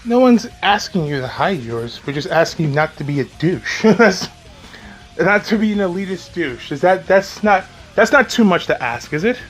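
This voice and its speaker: A man's voice: high-pitched, very animated, normal speed. A man giving profane reaction commentary, sarcastic and mocking, with frequent swearing and laughter. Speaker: commentary YouTuber. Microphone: home recording, off camera.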